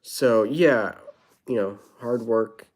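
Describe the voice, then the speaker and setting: A man's voice: medium pitch, slow pace, a little mellow. A young man talking casually on his live stream, reading viewer comments aloud and answering them with wry, rambling, self-deprecating asides. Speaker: livestreamer.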